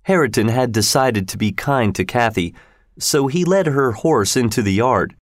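Man narrator, measured storybook read, dry close sound. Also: medium pitch, lively intonation, no echo. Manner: slow, measured reading.

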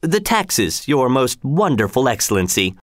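A man's voice: mid-range voice, sing-song, measured pace, no echo, studio quality, voice pushed up. A man voicing a nervous peasant leader who speaks in a raised, strained, pleading way. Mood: pleading, defiant.

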